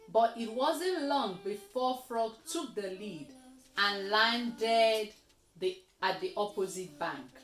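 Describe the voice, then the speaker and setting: A woman reading a children's story aloud, slowly and expressively, as host of a kids' reading session. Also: on the high side, echoey room. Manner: slow, expressive read-aloud with lively voices.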